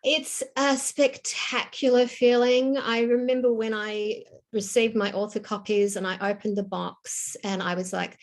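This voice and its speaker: A woman, an author, chatting as a guest in an animated, emotional way and often laughing. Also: a little high, unhurried. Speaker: novelist guest. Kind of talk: casual interview chat.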